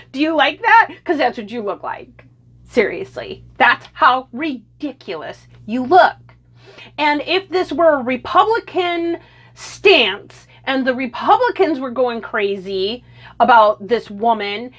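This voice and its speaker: A woman with a high voice lectures in an indignant rant, full of sarcasm. She talks straight at her audience like a political commentator. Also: a bit bright. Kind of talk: opinion rant to camera.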